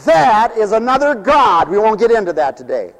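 A man's voice: high voice, big pitch swings, moderate pace, big-room sound, rough recording. A man preaching a folksy, off-the-cuff sermon, rambling and repeating himself, needling his listeners with rhetorical questions.

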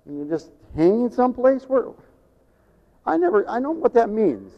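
An older man preaching a sermon as pastor, telling folksy stories, acting out voices and rising to shouts. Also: extremely high pitch, big pitch swings, moderate pace. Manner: folksy storytelling, acts out voices, rises to shouting. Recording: dull lo-fi sound with long hall reverb.

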